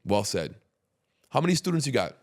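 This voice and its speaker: A man hosting a casual podcast conversation, talking emphatically and getting animated when he makes a point. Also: medium pitch, a little fast. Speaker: podcast host.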